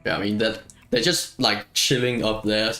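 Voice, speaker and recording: A man's voice: fairly low pitch, little pitch movement, moderate pace, pushed and bright, soft background music. A man streaming a video game, chatting casually as he plays, rambling and self-mocking and laughing often. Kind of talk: casual gameplay chat.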